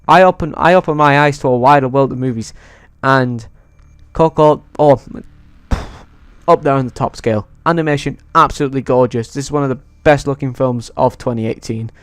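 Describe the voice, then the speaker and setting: A man ranking movies in a casual vlog, excitable and swearing freely. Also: mid-range voice, brisk, clean tone, no room sound. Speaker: YouTuber.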